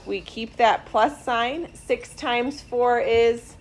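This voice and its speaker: A woman math teacher in a classroom, walking students through problems step by step in a slow, deliberate way. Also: a little high. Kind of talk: classroom instruction.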